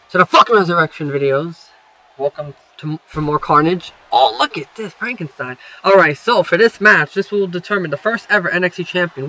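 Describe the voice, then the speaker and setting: A man's voice: fairly high pitch, bright, forceful tone, dull audio. A man giving a loose, rambling, casual recap as a self-styled general manager, swearing constantly.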